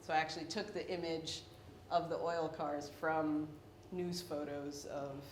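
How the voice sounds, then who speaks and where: A woman's voice: flat delivery, measured pace. A young woman artist talking through her paintings in a wry, self-deprecating way, laughing between points. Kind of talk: artist talk about her work. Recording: echoey room with faint rumble.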